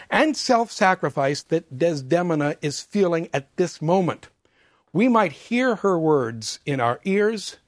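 Expressive man explaining opera, dry sound. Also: a little high, dry recording. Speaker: opera lecturer. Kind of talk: scripted explanatory talk.

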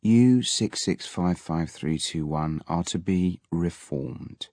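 A man's voice: low-pitched, slow, a little mellow, no room sound, studio quality. A man voicing a tired, weary male prison governor with a disdainful manner.

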